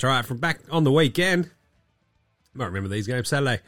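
A man's voice: medium pitch, very animated, brisk, a bit bright, no room sound. Sick male podcast host, sweary sarcastic ranter, dry close mic with faint music under. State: sick, coughing. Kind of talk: casual sports chat.

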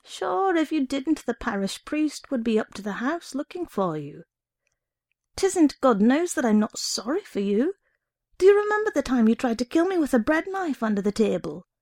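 Woman voicing a sanctimonious big sister, high and mock-pitying, slightly gravelly, storybook reading. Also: sing-song, moderate pace, a little mellow, full character voice.

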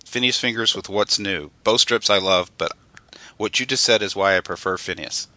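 A man's voice: lowish voice, bright, forceful tone, no echo. A man co-hosting a podcast, chatting eagerly and emphatically about favorite comics. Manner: enthusiastic, emphatic, quick to agree. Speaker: podcast co-host. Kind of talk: casual chat.

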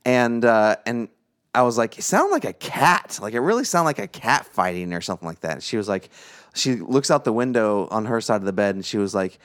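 A young adult man co-hosting a podcast, chatting casually and telling an animated anecdote, acting out quoted lines. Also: lowish voice, fairly quick, clean tone. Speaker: podcast co-host. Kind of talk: casual chat, storytelling.

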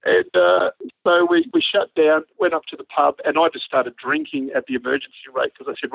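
A man with an Australian accent, a former army pilot, telling a lively anecdote and acting out the dialogue. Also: fairly high pitch, a little fast, creaky, no echo. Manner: animated yarn-spinning, acts out quoted dialogue. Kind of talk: storytelling anecdote on radio. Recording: narrow phone-like radio line, dry.

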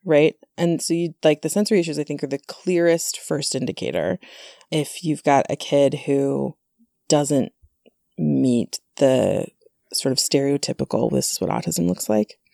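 Low, gravelly-voiced woman chatting. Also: moderate pace, warm tone, no room sound, studio quality. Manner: chatty, many fillers and asides. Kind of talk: casual conversation.

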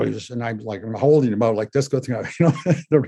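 An older man telling his personal story in an interview, with animated retelling and a habit of adding "eh?" to his phrases. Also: mid-range voice, quick pace. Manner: animated retelling, acting out voices in quotes; says "eh?" at ends of phrases.

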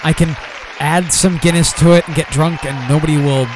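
A man's voice: fairly high pitch, fairly even intonation, moderate pace, a crowd in the background, background noise. A young adult man hosting a casual beer podcast, rambling and swearing, with lots of fillers as he reads news stories aloud. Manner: rambling, profane, self-deprecating, many fillers. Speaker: podcast host.

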